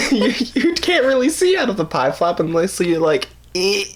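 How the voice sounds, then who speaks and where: A woman's voice: medium pitch, big pitch swings, moderate pace, breathy edge. A woman co-hosting a casual podcast chat, playful, teasing and profane. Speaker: podcast co-host.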